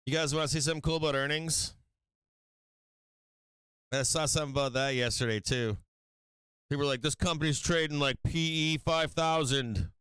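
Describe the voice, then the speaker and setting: A man's voice: a little high, moderate pace, long pauses, a bit bright, clean tone, dry recording. A man hosting a live stock market stream, rambling and mocking, swearing often as he talks to his viewers. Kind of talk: casual profane market chat.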